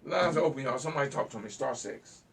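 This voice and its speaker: A man's voice: medium pitch, animated, fast, creaky, fairly bright tone, far from the mic. A man hosting a call-in talk show, preaching fiercely to listeners, repeating himself and stumbling over words as he gets worked up. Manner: fiery, preachy, repeats phrases and stutters when worked up. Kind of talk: impassioned call-in talk monologue.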